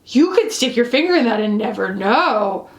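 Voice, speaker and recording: A woman's voice: fairly high pitch, expressive, moderate pace. Bubbly woman in an echoey room. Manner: bubbly, playful, talks to herself while applying makeup. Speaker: beauty reviewer. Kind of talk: casual makeup review vlog.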